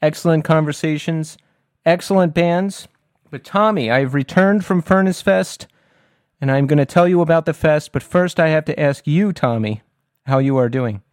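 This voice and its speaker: A man's voice: fairly high pitch, normal speed, a little mellow, dry recording, clean studio sound. A man hosting a podcast, talking in an upbeat, enthusiastic way. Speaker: podcast host. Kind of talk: casual podcast chat.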